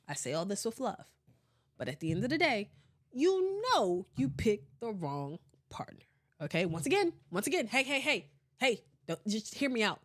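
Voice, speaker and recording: A young woman talks through a relaxed podcast episode. Her voice sits a little high and leaps up and down with lively energy. She is playful and animated and laughs easily between comments. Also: moderate pace. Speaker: podcast host. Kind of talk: casual podcast chat reading live comments.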